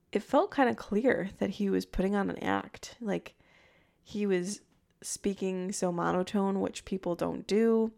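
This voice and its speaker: Woman with a low-toned, gravelly voice. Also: steady tone, moderate pace, dark tone. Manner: chatty, thinking aloud, with fillers and reactions. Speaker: podcast host. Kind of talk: casual true-crime storytelling.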